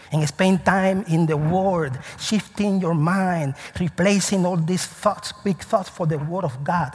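Man, pastor, sermon, call-and-response questions, husky, long reverb. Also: a little high.

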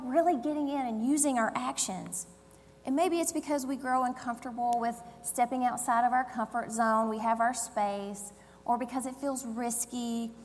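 A woman preaches in an easy, conversational way and acts out the voices in her story. Her voice sits high and trails a long echo through a church hall. A faint hum stays in the background. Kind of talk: sermon.

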